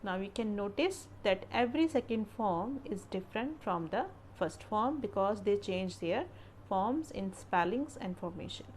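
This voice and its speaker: Female teacher, measured slow grammar narration, drilling examples; light background noise. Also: mid-range voice, lively intonation. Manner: careful, drilling word lists. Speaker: English teacher.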